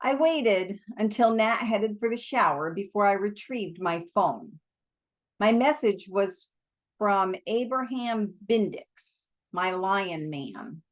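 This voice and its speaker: A woman reading a novel aloud for an online audience, with relaxed, chatty asides. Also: medium pitch, slow. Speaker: storybook reader.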